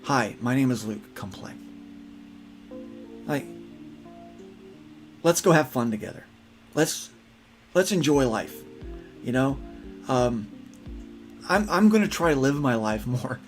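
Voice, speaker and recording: A male podcast co-host chatting casually on a livestream. His voice sits at a middle pitch and he rambles earnestly, stumbling and restarting often. Faint music plays underneath. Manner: rambling, repeats words, earnest.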